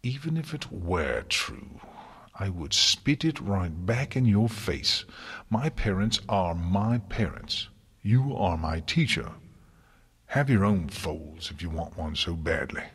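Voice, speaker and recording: A man's voice: sits low, big pitch swings, slow, a bit bright, slightly rough, heavily acted. A man voicing a defiant young mare scholar who speaks in a cold, snarling fury, in an audiobook reading. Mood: furious.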